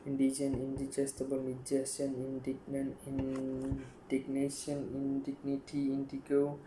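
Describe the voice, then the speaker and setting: A man reading dictionary words aloud one after another, in a flat listing manner with frequent stumbles and restarts. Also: medium pitch, a little slow, echoey room, music in the background, rough recording. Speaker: youtuber.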